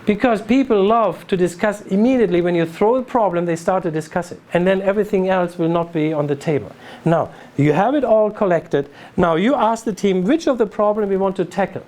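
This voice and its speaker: A native German speaker giving an instructive business talk in a measured, didactic way, demonstrating phrasing aloud. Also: mid-range voice, a little mellow.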